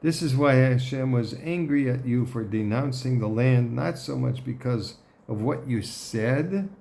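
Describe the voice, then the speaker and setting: Man, Torah teacher, slow deliberate delivery, gravelly voice, frequent throat clearing. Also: mid-range voice, mellow. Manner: deliberate, clears throat often, checks in with "okay?". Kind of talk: Torah lesson explanation.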